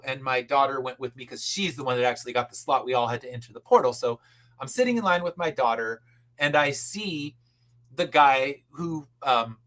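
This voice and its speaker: A middle-aged man, guest on a podcast, tells a story in relaxed conversation, voicing the people he quotes and swearing casually. His voice is mid-range, pushed, and bright.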